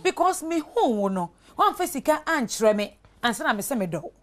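Lively, high-voiced woman talk show host. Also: brisk. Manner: lively, animated, probing questions. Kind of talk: Twi-language TV talk show.

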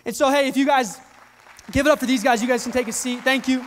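A young adult man preaching a sermon to his congregation, earnest and animated, often restarting his sentences. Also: extremely high pitch, quick pace, some chatter behind, slight background noise. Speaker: pastor. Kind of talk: sermon with live demonstration. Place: church hall with live audience. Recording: long hall reverb.

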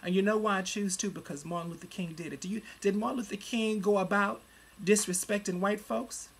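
A person in their forties giving an angry, profane webcam rant, swinging between loud outbursts and low muttering, talking into a computer at home. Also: brisk, breathy edge. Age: 40s. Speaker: vlogger.

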